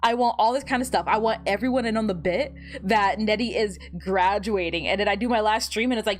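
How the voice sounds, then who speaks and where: A young woman VTuber streamer chatting casually while she fiddles with her setup, animated and giggly, often repeating words and laughing at her own jokes. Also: mid-range voice, brisk, hardly any pauses. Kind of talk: casual livestream chat.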